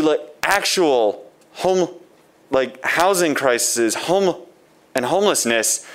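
A man with a smooth, clear voice addresses a city council during public comment. He is blunt and sarcastic, and his scorn sharpens as he speaks. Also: on the high side, a bit bright.

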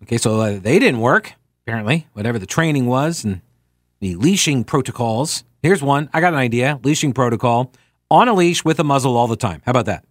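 A man's voice: mid-range voice, lively intonation, brisk, no echo, clean studio sound. A man hosting a talk radio show, delivering an opinion monologue full of sarcastic, jokey asides.

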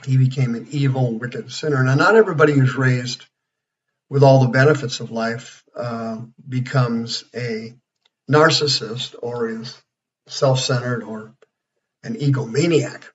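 A man's voice: medium pitch, a little slow. A man in his sixties giving a folksy, rambling radio Bible study as preacher and counselor. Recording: dull lo-fi radio sound.

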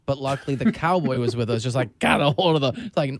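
A man's voice: medium pitch, fast, no room sound. A middle-aged man hosting a sports talk show, chatting casually with sarcastic, self-mocking humor. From Southern California.

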